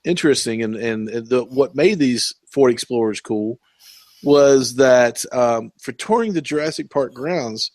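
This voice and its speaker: A man's voice: medium pitch, measured pace, a little mellow, no echo. A man hosting a casual podcast chat, rambling and laughing often. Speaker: podcast host.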